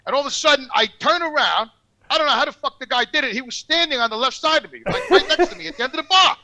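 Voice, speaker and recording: A man telling profane stories on a podcast, loud and animated, swearing constantly. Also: very high voice, fast. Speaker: podcast regular. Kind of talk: profane storytelling.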